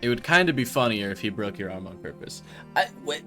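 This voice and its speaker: A man's voice: lowish voice, lively intonation, brisk, a bit bright, soft background music. A man streaming a game, chatting to viewers in a rambling, self-mocking way. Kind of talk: casual live-stream chatter.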